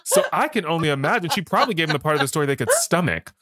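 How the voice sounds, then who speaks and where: Lively, wry man recapping a film. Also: a little high, very fast, a crowd in the background. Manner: animated storyteller, dry jokes, quotes scenes. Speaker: podcast co-host. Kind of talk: casual chat recapping a film.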